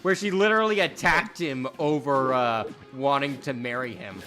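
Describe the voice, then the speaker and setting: A man's voice: medium pitch, normal speed, sharp tone, soft background music. A man appearing as a guest on a game stream, laid-back and opinionated in casual chat, laughing easily.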